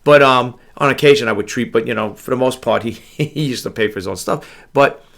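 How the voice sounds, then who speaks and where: Man, middle-aged, from New York, gravelly voice, tired, rambling, repeats himself, late-night home vlog. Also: mid-range voice, fairly bright tone. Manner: rambling, repeats words, drifts between stories. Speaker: online reseller vlogger. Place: home room with a grandfather clock.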